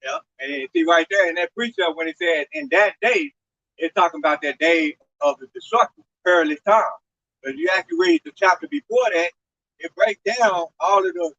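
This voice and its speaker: Lively man on a dull lo-fi line. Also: a little high, slight background noise. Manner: emphatic, quoting scripture. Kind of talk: casual religious discussion. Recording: dull lo-fi sound.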